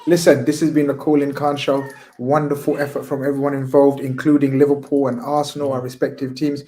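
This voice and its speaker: A man's voice: medium pitch, flat delivery, fairly quick, mellow. A man hosting a football call-in stream, tired and winding down after hours on air. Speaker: host. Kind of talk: casual football call-in chat.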